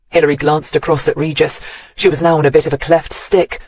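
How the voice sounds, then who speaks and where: A man narrating a mystery audiobook in an even, wry storytelling manner on a close studio mic. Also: on the high side, brisk.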